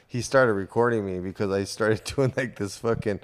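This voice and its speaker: A man's voice: on the low side, moderate pace. A young man co-hosting a podcast, chatting in a laid-back, profane, jokey way about his old job. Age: young adult. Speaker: podcast co-host. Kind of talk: casual chat.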